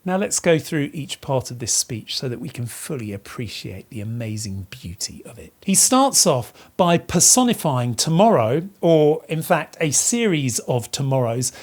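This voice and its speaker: A woman's voice: extremely low pitch, sing-song, normal speed, hardly any pauses, a little mellow. A woman teaching literature in an educational video. She explains the text and asks rhetorical questions to stress her points.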